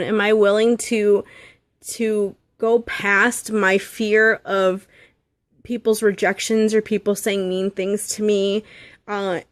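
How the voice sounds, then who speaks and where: A woman in her thirties giving an earnest, halting motivational talk to her sales team, getting emotional at times. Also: medium pitch, dry recording. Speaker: direct sales seller.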